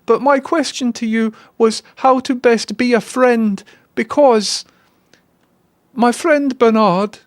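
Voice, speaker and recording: A man putting on a high-pitched mock accent to address an AI, mock-formal and slipping. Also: slow, dry recording, clean studio sound.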